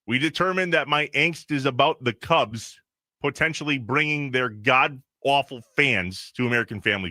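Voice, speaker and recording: A man co-hosting a sports radio show, ranting in quick bursts in a casual talk style. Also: on the high side, bright, forceful tone, no room sound, studio quality. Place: radio studio. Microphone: studio microphone.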